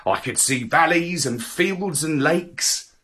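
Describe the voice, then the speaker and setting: A man reading a children's story aloud in the first person, with an expressive, swooping storybook delivery. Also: on the high side, slow pace, slightly rough.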